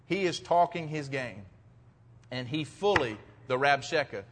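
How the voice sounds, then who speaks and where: A man's voice: mid-range voice, expressive, measured pace, fairly bright tone, a little hiss or hum. A man preaching an expository sermon as pastor, reading verses and rising to emphatic points. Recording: long hall reverb.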